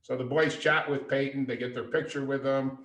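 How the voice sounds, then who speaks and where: A man telling stories as a guest in a podcast interview, lively and anecdotal. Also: medium pitch, normal speed. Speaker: guest, father and entrepreneur. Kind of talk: conversational storytelling. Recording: echoey room, distant mic.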